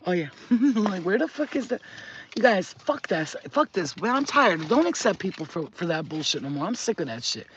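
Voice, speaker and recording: A woman's voice: fairly low pitch, sing-song, normal speed, husky. Profane ranting woman, dull lo-fi audio. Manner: profane, heated, confrontational. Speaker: spiritual channel host. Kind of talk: unscripted vlog rant.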